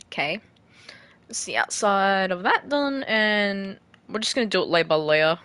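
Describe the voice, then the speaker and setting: A woman giving casual gameplay commentary while she builds, rambling and self-deprecating, often trailing off quietly. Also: mid-range voice, expressive, a little slow, clear, resonant tone. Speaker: gaming creator.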